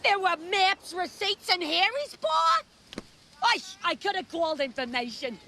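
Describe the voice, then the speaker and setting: A shrill scorned older wife. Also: female voice, big pitch swings, unhurried, vocal fry, pushed and bright, a little hiss or hum, exaggerated voice. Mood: indignant. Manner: shrill, exasperated and scolding. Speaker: comedy sketch character. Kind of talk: TV sketch comedy acting.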